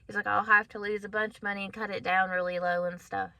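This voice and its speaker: A woman's voice: mid-range voice, little pitch movement, quick pace, vocal fry, sharp tone, no echo. A woman in her thirties casually telling a personal story to her viewers, candid and chatty, often laughing and calling them guys. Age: 30s. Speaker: vlogger.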